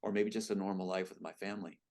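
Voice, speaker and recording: A man's voice: low voice, fairly even intonation, quick pace, darkish tone. A man reading the lines of a frightened family man under threat from a screenplay, tense and pleading.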